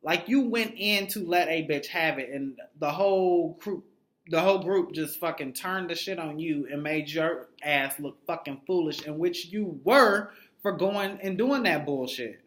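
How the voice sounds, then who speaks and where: A man recapping a reality TV episode in an animated, sassy, heavily profane gossip style. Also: fairly high pitch, measured pace. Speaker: TV recap vlogger. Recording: roomy echo.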